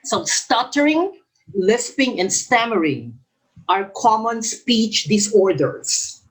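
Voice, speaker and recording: A man's voice: sits high, sing-song, takes it slowly, fairly bright tone, poor audio. A male English professor with a lisp, coaching future teachers through exam questions by reading each one twice and explaining the answer. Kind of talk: exam review lecture.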